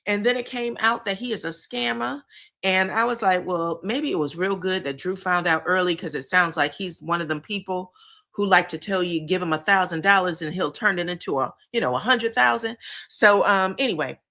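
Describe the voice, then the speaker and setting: Bright-voiced woman dishing gossip. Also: medium pitch. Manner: animated, profane, laughs and mimics the people she talks about. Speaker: reality TV recap host. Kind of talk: casual gossip commentary.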